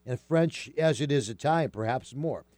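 A man's voice: mid-range voice, normal speed, a little mellow, no room sound. A man hosting a radio show, leading a folksy, chatty conversation with his guest. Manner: folksy, chatty, leads with questions. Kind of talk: casual on-air chat.

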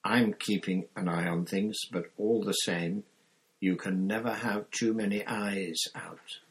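Casting: gruff grizzled old wizard, growling, deep and husky, read by a man. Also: fairly even intonation, a little slow, rough recording.

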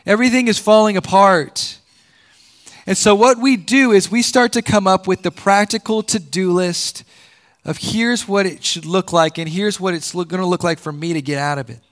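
A pastor preaches a sermon at a moderate pace, repeating words as he builds his point. He swings between loud emphatic peaks and low, quiet drops.

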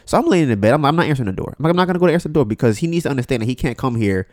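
A man talking casually on his podcast, his pitch swinging widely as he acts out each character in the story. His voice sits in a middle register, and the recording is dry and close with almost no room sound. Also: very fast, hardly any pauses, dry recording. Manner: animated, acts out both sides of the story. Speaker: podcast host.

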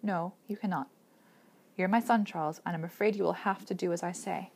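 A woman's voice: lowish voice, steady tone, brisk, darkish tone, breathy edge. A tired, middle-aged father in an audiobook, firm and commanding but weighed down and heavy, as a woman reader gives his lines. Tender underneath the sternness. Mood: weary firm.

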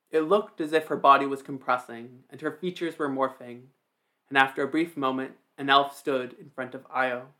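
Even-toned male storyteller. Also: medium pitch, normal speed. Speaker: narrator. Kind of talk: storybook narration.

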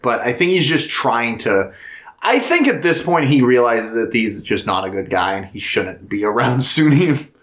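A man co-hosting a casual film podcast, retelling scenes with lively put-on quotes. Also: normal speed, echoey room. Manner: animated retelling with high-pitched put-on quotes, laughs and swears. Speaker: podcast co-host.

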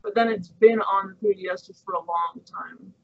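A man co-hosting a casual podcast who explains things in a measured way and steers the talk back on topic. His voice is high and bright. The sound is dull and lo-fi. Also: fairly even intonation, gravelly, breathy edge. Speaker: podcast co-host. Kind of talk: casual chat.

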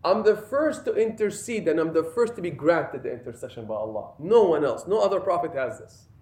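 A man's voice: fairly high pitch, lively intonation, fairly quick, darkish tone. A man who is an imam, giving a conversational, emphatic sermon and addressing the audience directly. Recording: echoey room.

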